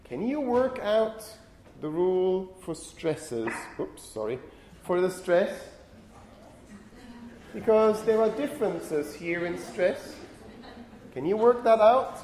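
A male lecturer giving a university lecture, talking in a lively way, often correcting himself and checking in with "okay?". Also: high voice, slow, long pauses. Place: lecture hall. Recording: roomy lecture hall echo.

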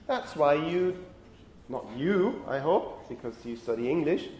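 A male university lecturer explains phonetics to his class and keeps checking in with questions. His voice sits fairly high. The hall is echoey, with a faint hum of room noise behind him. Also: measured pace. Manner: lively, often asks the class questions.

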